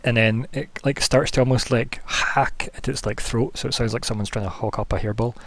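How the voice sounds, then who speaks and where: A man's voice: mid-range voice, steady tone, brisk, a bit bright. A man narrating as game master of a tabletop game, rambling and full of fillers.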